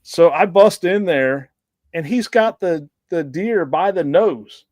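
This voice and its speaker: A man's voice: a little high, expressive, slow, a little mellow, no echo. A man casually telling rambling hunting-dog stories on a podcast, laughing now and then. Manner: rambling anecdotes with frequent laughs. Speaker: blood tracker guest.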